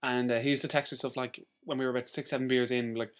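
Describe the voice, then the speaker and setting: A woman's voice: a bass voice, little pitch movement, quick pace. A woman co-hosting a podcast, joking playfully and swearing in casual chat. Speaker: podcast co-host.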